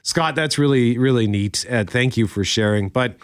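A man's voice: medium pitch, normal speed, smooth, no echo, studio quality. A man co-hosting a morning radio show, chatting casually and reading listener letters aloud with asides. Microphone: studio microphone.

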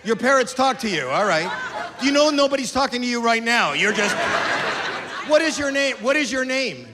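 Older man shouting crowd work, high voice. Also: big pitch swings, moderate pace. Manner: loud, incredulous, shouting at an audience member. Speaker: stand-up comedian. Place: comedy club stage. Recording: reverberant club, crowd noise. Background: laughing crowd.

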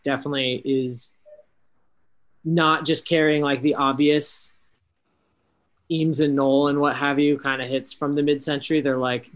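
A man's voice: medium pitch, fairly bright tone. A man co-hosting a podcast in casual chat over a video call, rambling with fillers and restarts. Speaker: podcast co-host.

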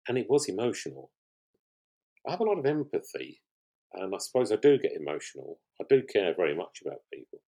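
A man's voice: deep voice, darkish tone. An older man, a guest on a podcast, telling stories in a rambling, conversational way with frequent restarts. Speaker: guest, pottery show finalist.

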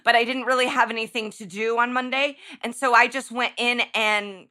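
Woman, high voice, bright tone, profane laughing rant, casual podcast chat. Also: steady tone, normal speed.

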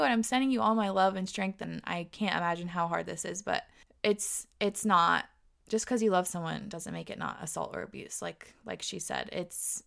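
A woman's voice: fairly low pitch, gravelly, fairly bright tone. A young woman reading follower messages aloud and giving earnest, heated relationship advice. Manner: earnest, gets heated, repeats pleas.

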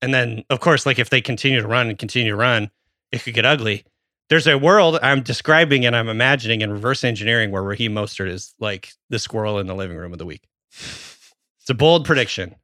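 A man's voice: medium pitch, fast talker, sharp tone, dry recording, clean studio sound. A man in his thirties co-hosting a podcast, telling a story in casual chat and swearing freely. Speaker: podcast host.

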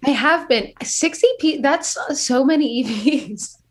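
A woman's voice: high voice, unhurried. Chatty woman with a slight Brooklyn accent. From New York State. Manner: chatty, self-deprecating, hesitant restarts. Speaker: singer-songwriter guest. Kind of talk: casual interview.

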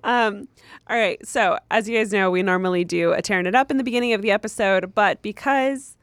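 A woman's voice: medium pitch, fairly quick, smooth, dry recording. A young woman co-hosting a podcast, chatting casually and reading a listener's story aloud. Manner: chatty, laughs often, reads steadily. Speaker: podcast co-host.

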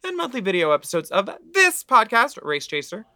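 Man, podcast co-host, bright forceful voice, dry close sound, witty, campy. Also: sits high, huge pitch swings, no room sound. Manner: quick, witty, camp quips. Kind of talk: casual chat.

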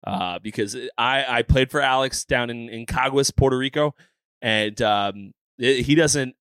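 A man's voice: mid-range voice, measured pace, a bit bright, clean tone, no echo. A man who played pro baseball, co-hosting a sports podcast, emphatic with many fillers and some swearing. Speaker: former pro ballplayer, podcast co-host. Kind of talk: casual sports podcast chat.

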